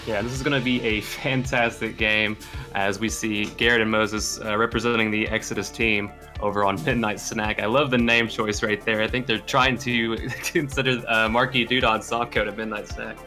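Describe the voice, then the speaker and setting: A man's voice: fairly low pitch, flat delivery, moderate pace, sharp tone. A man giving color commentary on a video game match in a friendly, laid-back way. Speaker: esports co-caster. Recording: faint music behind.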